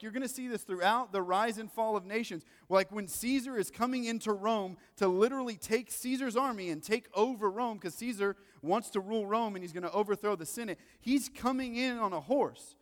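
A male pastor delivers a sermon with a slightly high voice, moving from loud, excited bursts to quiet, joking asides. His words ring out with a long reverb, as though he stands in a large church hall. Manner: animated, swings between loud excitement and hushed asides; conversational, joking.

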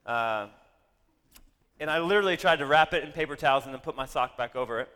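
A man telling a personal story to an audience, animated and full of self-deprecating asides. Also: mid-range voice, fast, clean tone, long reverb tail.

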